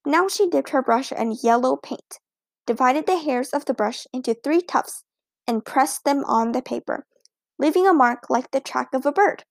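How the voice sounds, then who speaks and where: A woman narrating a children's storybook in a lively, expressive way. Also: high-pitched, normal speed, vocal fry, no room sound. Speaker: audiobook narrator.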